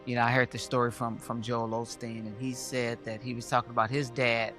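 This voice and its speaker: A man's voice: mid-range voice, level tone, a little fast, bright, forceful tone, soft background music. Earnest male podcast host reflecting. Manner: earnest, rambling, with many fillers and restarts. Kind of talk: casual conversational reflection.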